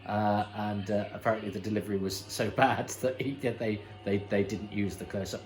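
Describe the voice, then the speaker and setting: A man's voice: medium pitch, steady tone, fairly quick, poor audio. Chatty man reacting to a show. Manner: chatty, enthusiastic, many fillers and restarts. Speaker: host. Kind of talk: watch-along reaction commentary.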